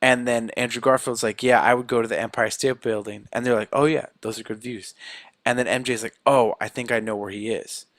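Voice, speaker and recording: A man's voice: mid-range voice, a little fast, dry recording. A man co-hosting a podcast, retelling a film scene by scene and acting out the characters' lines in a casual chat. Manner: animated retelling, acting out quotes. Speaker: podcast co-host.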